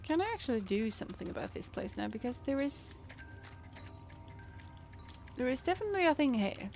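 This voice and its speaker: A woman's voice: a little high, big pitch swings, fairly quick, creaky, darkish tone, faint music behind. A woman streamer giving casual let's-play commentary, thinking aloud in a playful way and chatting with her viewers. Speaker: VTuber streamer.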